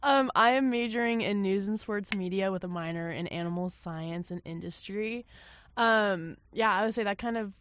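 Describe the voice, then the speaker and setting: A woman's voice: mid-range voice, normal speed, fairly bright tone, no room sound. A young woman from Colorado, a college junior, co-hosting a campus radio show in a friendly way, with many ums and you-knows. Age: young adult. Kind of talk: casual radio chat.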